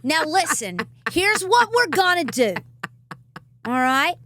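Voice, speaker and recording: A woman's voice: high-pitched, big pitch swings, no echo, pitched above the performer's own voice, exaggerated voice. A Southern woman mimicking a bossy lawyer lady. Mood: bossy, teasing. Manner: rapid-fire commanding, loud and clipped. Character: brash bossy woman lawyer giving orders.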